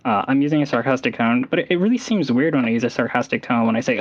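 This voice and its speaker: A man's voice: medium pitch, expressive, fast, few pauses, lo-fi sound. A man in a heated online debate, rambling and hesitant with many restarts.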